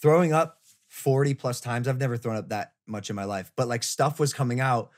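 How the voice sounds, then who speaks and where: A man's voice: medium pitch, a little fast. Young man telling a story on a podcast. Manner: animated, swearing, retelling a rough night. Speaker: podcast host. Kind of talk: casual storytelling chat.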